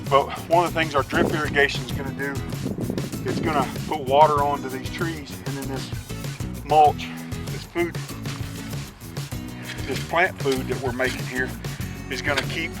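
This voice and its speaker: A man's voice: mid-range voice, fairly even intonation, unhurried, pauses often, loud music behind the voice, poor audio. A man casually explaining outdoor homestead work in an easygoing, plainspoken way, with frequent restarts. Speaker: homesteader showing his work.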